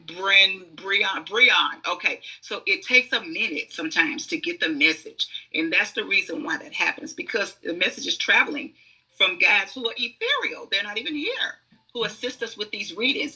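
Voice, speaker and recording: A woman's voice: mid-range voice, vocal fry, sharp tone, breathy edge, low-quality recording. A woman who is a guest oracle reader, telling stories in conversational podcast talk, emphatic and acting out the inner voices she describes.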